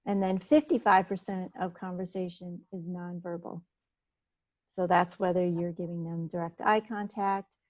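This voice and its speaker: A woman's voice: medium pitch, darkish tone, no room sound, low-quality recording. A woman giving an informal talk at a business meeting, speaking conversationally with frequent fillers and restarts. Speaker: presenter at a business networking meeting. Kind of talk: informal presentation.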